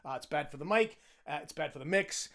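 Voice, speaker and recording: A man's voice: fairly high pitch, lively intonation, fairly quick, fairly bright tone. A man whose voice is worn from cheering, giving a choir chatty, self-deprecating instructions and singing lines to demonstrate. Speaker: choir director.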